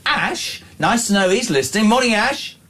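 A chatty man hosting a breakfast radio show, reading out listener messages and teasing his co-host. His voice sits slightly higher than most men's. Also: sing-song, moderate pace, sharp tone. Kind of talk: casual chat reading listener texts.

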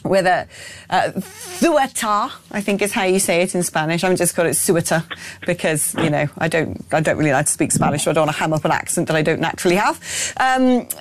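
A woman's voice: on the low side, fast talker. A woman hosting a political talk radio show, opinionated and blunt, reading out listener messages with frequent ums and restarts.

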